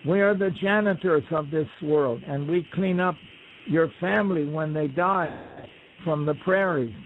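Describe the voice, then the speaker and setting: A man voicing a flock of scheming male buzzards in a folk tale, coaxing and flattering, over a phone line. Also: fairly high pitch, unhurried, slight background noise. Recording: tinny phone line on radio.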